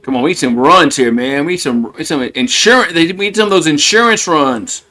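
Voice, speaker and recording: Guy calling a ball game on a stream, kinda high voice, rambly and chuckly. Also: lively intonation, brisk, sharp tone. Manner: rambling, chuckles often, repeats words. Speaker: host doing play-by-play on a live stream. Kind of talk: casual live play-by-play commentary.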